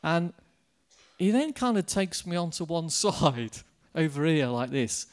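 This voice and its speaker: A man preaching a sermon, telling a personal anecdote in a lively way and addressing the congregation directly. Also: fairly high pitch, measured pace.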